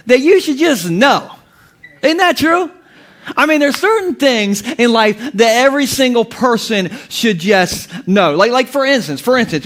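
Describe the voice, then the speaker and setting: A man's voice: very high voice, fairly bright tone. A man in his thirties preaching a humorous sermon as pastor, telling stories with jokes and laughing often.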